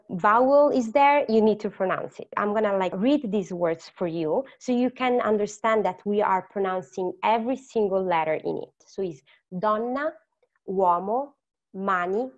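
A woman's voice: medium pitch, a little mellow. Italian lady teaching a beginner class, patient, lots of uh and like, kinda dull audio. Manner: explains patiently with many fillers and restarts. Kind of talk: online language lesson.

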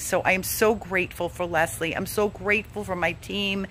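A woman who runs an animal rescue makes an urgent, emotionally exhausted plea for donations, begging and repeating herself again and again. Her mid-range voice is fairly bright but flat, moving quickly with few pauses, over slight background noise.

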